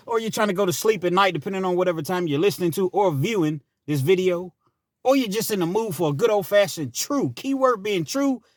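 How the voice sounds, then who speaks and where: A man's voice: high voice, no room sound, studio quality. A man hosting his own channel, telling a personal story in a chatty, rambling way with asides. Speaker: channel host. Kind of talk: casual storytelling monologue.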